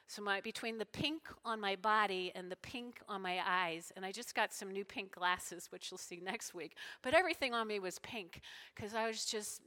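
A middle-aged woman pastor preaching to her congregation, folksy, emotional and dropping into soft whispered prayers. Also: medium pitch. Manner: folksy, talks to congregation as y'all. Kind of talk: sermon.

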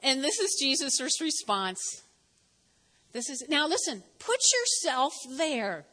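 A woman pastor gives a lively sermon in a church, speaking straight to her listeners. Her voice sits high and sounds bright and forceful, and a long reverb from the large hall trails after her words. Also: takes it slowly. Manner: lively, talks straight to the congregation, acts out quotes. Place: church sanctuary.

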